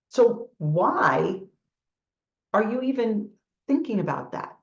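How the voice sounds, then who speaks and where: New York woman giving a lively pep talk. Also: medium pitch. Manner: lively storytelling, acting out quoted thoughts. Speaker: motivational speaker. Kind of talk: motivational talk with storytelling. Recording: echoey room, dull lo-fi sound.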